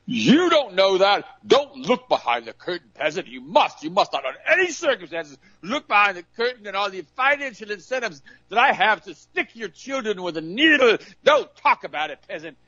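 A man's voice: high voice, sing-song, normal speed, few pauses, sharp tone, dry recording, voice pushed up, full character voice. A man voicing an arrogant, bossy male doctor who scolds and dismisses a patient. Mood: haughty scolding. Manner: haughty, dismissive, commanding. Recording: dull lo-fi recording.

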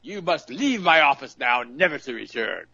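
A man's voice: mid-range voice, sing-song, normal speed, gravelly, bright, forceful tone, no room sound, voice pushed up, exaggerated voice. A man voicing an arrogant, bossy male doctor who scolds and dismisses a patient. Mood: haughty scolding. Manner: haughty, dismissive, commanding. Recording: dull lo-fi recording.

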